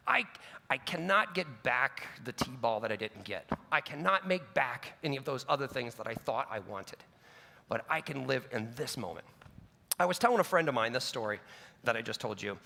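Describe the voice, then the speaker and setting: A male pastor tells a story in a gravelly, forceful voice, earnest and conversational, catching himself with quick asides. His words ring out with a long reverb from a large hall. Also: medium pitch, sing-song. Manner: earnest, personal, with self-corrections and asides.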